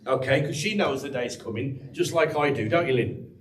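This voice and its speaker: A man's voice: mid-range voice, moderate pace, roomy sound, recorded from a distance, crowd noise, low-quality recording. An English man preaching a sermon as pastor, chatty and teasing the congregation by name. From England. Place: church hall.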